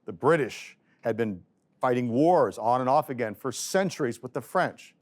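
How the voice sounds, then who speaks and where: A man giving an economics lecture in a relaxed, conversational way, voicing quoted people with a lifted pitch. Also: moderate pace. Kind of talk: casual video lecture.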